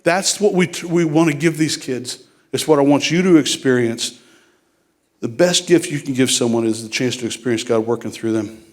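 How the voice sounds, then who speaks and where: A man preaching a sermon as a guest speaker in a church, joking and animated, then hushed and earnest in prayer. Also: medium pitch, moderate pace. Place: church sanctuary. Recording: clear music in background.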